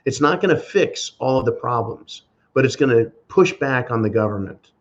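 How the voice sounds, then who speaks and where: A man hosting a solo podcast rant in a sarcastic, profane manner. His voice sits at a middling pitch. The recording sounds dull and lo-fi. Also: animated, normal speed. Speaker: podcast host.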